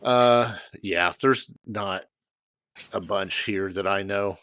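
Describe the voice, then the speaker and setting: A man's voice: lowish voice, slow, fairly bright tone, dry recording. A man with an American accent, co-hosting a podcast in laid-back casual chat with dry humor. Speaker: podcast co-host.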